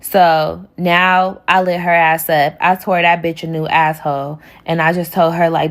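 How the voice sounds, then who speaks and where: A woman's voice: lowish voice, level tone, a little slow, hardly any pauses. A young woman telling a casual storytime, heated and profane, acting out what others said in her retelling. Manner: heated, profane retelling that acts out quoted dialogue.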